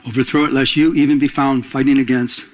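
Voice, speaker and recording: A man's voice: mid-range voice, little pitch movement, fast talker, a little hiss or hum, low-quality recording. A middle-aged male pastor preaching a sermon, quizzing his listeners and answering himself, climbing to emphatic peaks. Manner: call-and-response preaching, rising to emphatic peaks.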